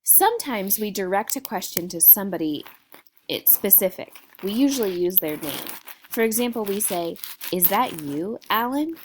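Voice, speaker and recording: A woman teacher explaining a grammar lesson to young students in a clear, patient way. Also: mid-range voice, expressive, moderate pace, darkish tone, slight background noise.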